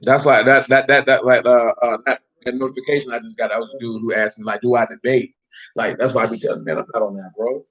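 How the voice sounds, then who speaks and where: A man's voice: mid-range voice, little pitch movement, fast, a bit bright. Slangy man preaching in a muffled recording. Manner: slangy, street-talk preaching; quizzes listeners by name. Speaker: Bible teacher. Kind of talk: informal Bible study sermon.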